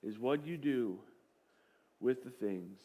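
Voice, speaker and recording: A man preaching a sermon to his church, conversational and joking, telling a story with lively acted-out quotes. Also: mid-range voice, a little slow. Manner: conversational, with jokes and light laughs. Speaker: pastor.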